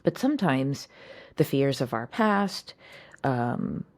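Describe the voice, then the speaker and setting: A woman's voice: extremely low pitch, very animated, slow pace, dry recording, clean studio sound. A woman hosting her own channel, talking casually and reflectively to her viewers and often asking them rhetorical questions. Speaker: host. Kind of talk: casual personal talk to camera.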